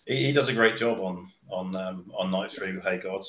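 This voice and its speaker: A man's voice: low voice, normal speed, a bit bright. A man chatting casually as a podcast guest, hesitant, with lots of restarts and ums. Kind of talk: casual chat. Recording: echoey room.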